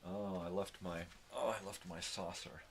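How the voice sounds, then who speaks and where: A man's voice: low voice, fairly even intonation, moderate pace, gravelly, background noise. An older man hosting a casual morning video from his home, coaxing his dogs and ranting with a lot of profanity. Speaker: vlog host.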